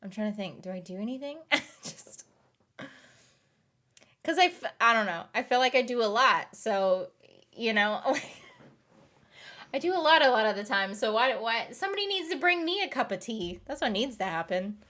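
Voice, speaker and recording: A woman's voice: on the high side, lively intonation, normal speed, long pauses, fairly bright tone. A woman in her thirties chatting casually with her stream viewers late at night, giggly and rambling, laughing often and trailing off, tired. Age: 30s.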